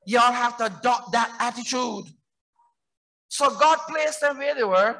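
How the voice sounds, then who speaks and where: Barbadian male pastor, very high and bright voice, emphatic sermon with rhetorical questions that build to shouts. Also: a little slow. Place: church.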